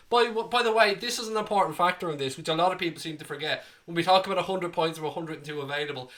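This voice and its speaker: Fan-channel host, male, bright edgy voice, higher side, heated and sweary, slight cough. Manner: passionate, ranting, swears freely. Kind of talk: live stream chat, reading viewer comments.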